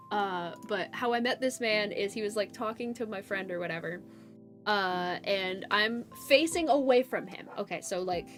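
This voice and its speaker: A young woman streamer chatting casually with her viewers and telling a story. She is animated and laughs often, jumping from loud bursts to mumbled asides. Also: medium pitch. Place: home streaming setup. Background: faint background music.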